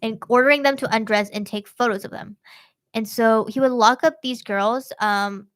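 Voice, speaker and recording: Slangy, high-voiced young woman. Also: normal speed. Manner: slangy, animated storytelling. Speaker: true-crime podcast host. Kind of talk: casual podcast chat.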